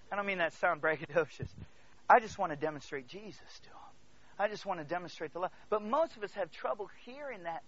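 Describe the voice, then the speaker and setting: A man preaching a sermon as a pastor, swinging from hushed near-whispers to loud exclamations and calling out to the congregation. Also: high voice. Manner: storytelling, calls out to the congregation. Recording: dull lo-fi recording.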